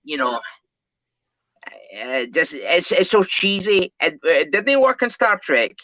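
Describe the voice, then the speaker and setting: A man chatting casually as a co-host about a show, his voice bright and forceful but slightly muffled and dry. He rambles and circles back with plenty of ums and you-knows. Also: fairly high pitch, sing-song, slow, no echo. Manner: rambling, many fillers and repeats. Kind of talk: casual fan discussion.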